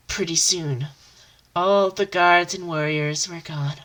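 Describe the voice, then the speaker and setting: A young woman reads an old story aloud in a low, bright voice. She keeps a slow, mostly monotone delivery. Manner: mostly flat, monotone reading. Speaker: podcast host reading her old stories.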